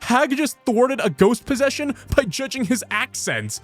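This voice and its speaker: High, wildly animated male narrator. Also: measured pace, soft background music. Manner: animated, expressive, swings between many voices. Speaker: voice actor reading posts. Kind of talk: comedic read-aloud narration.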